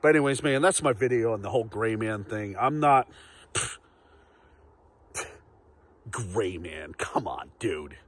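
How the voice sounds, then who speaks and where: A man's voice: fairly low pitch, lively intonation, unhurried, pauses often. A man ranting casually to camera in a vlog, profane, rambling and repetitive. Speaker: vlogger.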